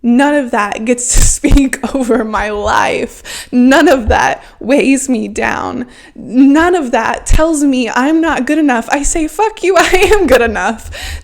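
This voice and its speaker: A young woman in her twenties with a high voice talks straight into the mic as a podcast host. Her self-help monologue is fervent and emotional, full of "like" and blunt swearing. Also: creaky. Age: 20s. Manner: fervent, repeats "like" often, swears freely.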